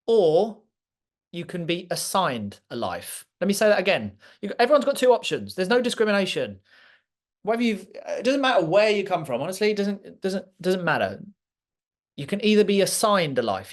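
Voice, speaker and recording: Guy giving a motivational talk, kinda high voice, hammers his points home. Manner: emphatic, repeats points for effect. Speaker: speaker.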